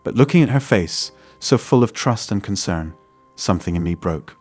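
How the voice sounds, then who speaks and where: A man narrating a first-person story in a steady, scripted way. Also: low-pitched, normal speed, slightly rough, faint music behind.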